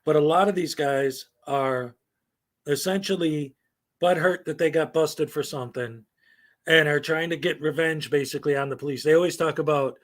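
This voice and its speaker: A middle-aged man talks through a live stream with a voice that sits a little high for a man. He rambles and gives strong opinions, drops fillers and short laughs, and runs his sentences together. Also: normal speed. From United States.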